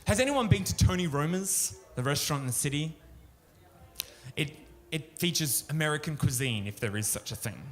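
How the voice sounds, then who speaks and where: A man's voice: on the high side, lively intonation, moderate pace, faint music behind. A man doing a crude, ranting stand-up routine at a pub show, swearing freely. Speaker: stand-up comedian. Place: pub stage, live show.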